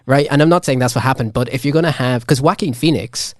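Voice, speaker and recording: Male podcast co-host, mid-pitched voice, rambling and self-interrupting, dry close sound. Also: quick pace, no echo. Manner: rambling, many restarts, laughs often. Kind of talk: casual debate chat.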